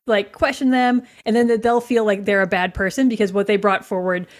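A woman hosting a podcast, talking about her workplace coaching in a chatty, animated way. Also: fairly quick. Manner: chatty, animated, acts out quotes in a higher voice. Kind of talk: casual podcast conversation.

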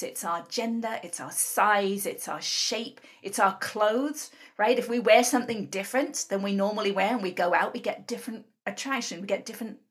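Woman interview guest, earnest explainer, mid-pitched, checks in with "right?". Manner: earnest, often adds "right?". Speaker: guest speaker on emotional tapping.

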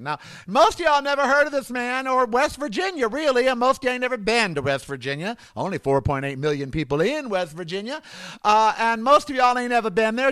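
A man's voice: high-pitched, fairly bright tone, no room sound. A man hosting his podcast in a campy, rambling comedic monologue. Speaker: podcast host.

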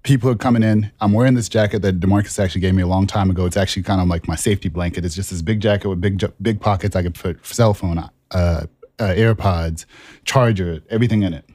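A man with a fairly low voice co-hosts a podcast and spins a long personal story in casual chat. He tells it with lively self-mockery and often laughs at his own clumsiness. The sound is close and dry, with almost no room around it. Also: fast, dry recording. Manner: animated, self-mocking storyteller who laughs at himself. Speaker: podcast co-host.

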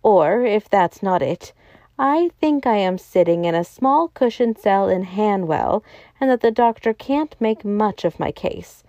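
A woman voicing a jolly, impatient male doctor in a storybook reading, talking briskly and heartily. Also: medium pitch, lively intonation, dark tone, no room sound, highs cut off. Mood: emphatic.

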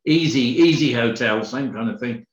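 A man's voice: medium pitch, moderate pace, roomy sound, muffled recording. A man in casual chat as co-host, mostly giving short agreeing interjections. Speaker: podcast co-host.

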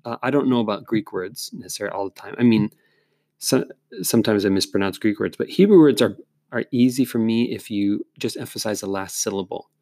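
A man's voice: lowish voice, a little fast, mellow, no echo, studio quality. A man hosting a faith podcast, chatting casually and explaining things in a rambling, friendly way. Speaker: podcast host. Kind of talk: casual chat.

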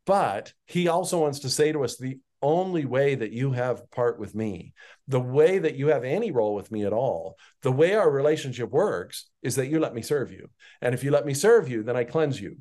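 A man teaching on a Bible passage in a conversational, animated way, with casual asides. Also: mid-range voice.

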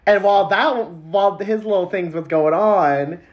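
Teasing young man co-host. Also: sits high. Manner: teasing, quick interjections. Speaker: podcast co-host. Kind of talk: casual chat. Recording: crunchy lo-fi audio.

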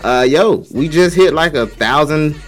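A young man hosting a radio show, talking loudly and with lots of hype as he gives shout-outs to his listeners. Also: a little high, lively intonation, unhurried. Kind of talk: casual radio show talk.

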